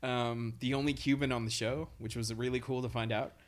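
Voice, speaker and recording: A man's voice: mid-range voice, level tone, fairly quick. A man in casual chat who swears and laughs often and acts out lines he quotes.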